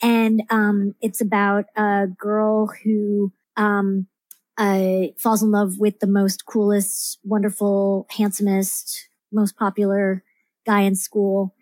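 A woman's voice: mid-range voice, completely flat delivery, takes it slowly, a little mellow, dry recording. A woman writer chatting as a podcast guest, rambling with many fillers and restarts. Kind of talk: casual interview chat.

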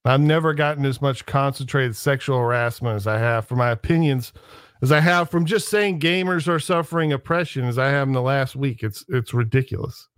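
Man, podcast guest, playful deadpan jokes, smooth mid-pitched voice, dry close sound. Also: brisk, dry recording. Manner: joking, playful deadpan asides. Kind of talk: casual joking chat.

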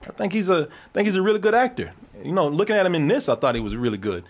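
A man hosting a podcast, chatting casually about a movie, animated and profane, laughing often. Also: sits high, racing. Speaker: podcast host. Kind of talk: casual movie review chat.

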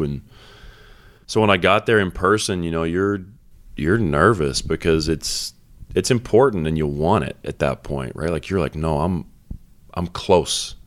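A man's voice: a bass voice, clean tone. A man in his thirties, a basketball head coach, talking candidly and reflectively in an interview, with many fillers and restarts.

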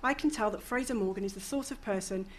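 A woman voicing a doting young barmaid who speaks softly and earnestly. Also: mid-range voice, fast talker, a little hiss or hum, close to an everyday voice. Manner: soft, earnest, heartfelt.

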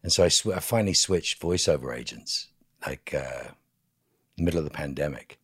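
Husky very deep-voiced man telling stories. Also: moderate pace, a bit bright, dry recording, studio quality. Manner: storytelling, candid, wry. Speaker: guest actor. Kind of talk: casual interview chat. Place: podcast studio.

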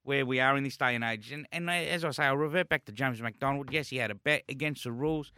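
A man's voice: mid-range voice, fast, clear, resonant tone. An Australian man co-hosting a racing radio show, arguing his opinions with heat. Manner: animated, heated opinions. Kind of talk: casual radio banter. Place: radio studio.

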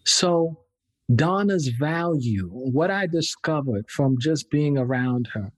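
A man's voice: fairly high pitch, lively intonation, slow pace, dry recording. A man, a professor, answering interview questions in a reflective, thoughtful way. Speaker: professor, guest author.

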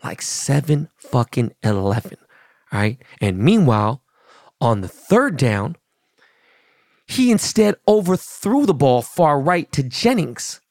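Gravelly dude ranting about the game on his podcast, cussing a lot, dry close mic. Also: mid-range voice, slow, no room sound. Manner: profane, animated, acts out quotes. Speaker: podcast host. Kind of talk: casual sports talk.

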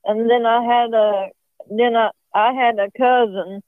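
A woman phoning in to a talk show, speaking slowly in a high voice as she rambles and restarts her sentences. The call comes through a tinny, narrow phone line. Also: fairly even intonation, no room sound. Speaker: caller. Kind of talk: casual phone chat.

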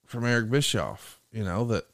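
A man hosting a podcast in casual chat, retelling stories with lively jumps in voice when quoting others. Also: on the low side, moderate pace, no echo, studio quality. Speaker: podcast host.

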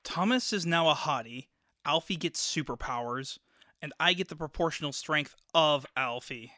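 A woman's voice: sits low, animated, normal speed, sharp tone, dry recording, studio quality. A woman in an audio drama, playing a sarcastic woman stuck in a man's body. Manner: sarcastic, wry.

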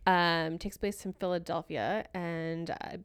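An enthusiastic woman co-hosting a casual podcast, gushing and chatty with plenty of fillers. Her voice sits a little low for a woman. The sound is close and dry, with no room echo. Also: fairly even intonation, slow, clear, resonant tone. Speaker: podcast co-host. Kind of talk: casual chat.

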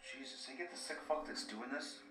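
A man's voice: mid-range voice, a little fast, close to an everyday voice. An actor playing a tired, dry-humored male morgue worker, heard as distant film audio. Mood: weary. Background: film soundtrack music.

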